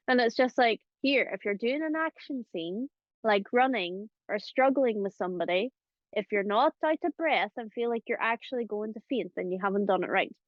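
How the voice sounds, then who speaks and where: A woman's voice: mid-range voice, dry recording, highs cut off. A woman hosting a casual chat about voice acting, talking chattily with lots of fillers and laughs. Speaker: host.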